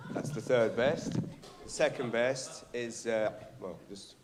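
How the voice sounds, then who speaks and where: A man's voice: medium pitch, slow pace. A man doing a stand-up comedy set on a theatre stage, telling stories animatedly, acting out characters and swearing. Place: theatre stage before a live audience. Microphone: stage microphone.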